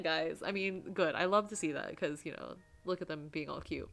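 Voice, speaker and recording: Woman game reader, low-ish voice, giggly casual asides. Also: fairly even intonation, moderate pace, vocal fry, a bit bright, faint music behind. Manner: giggly, self-deprecating asides. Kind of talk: casual commentary.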